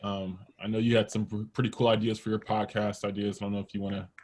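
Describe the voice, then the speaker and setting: A man moderating a question-and-answer session over a video call, easygoing and a bit halting. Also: lowish voice, flat delivery, darkish tone.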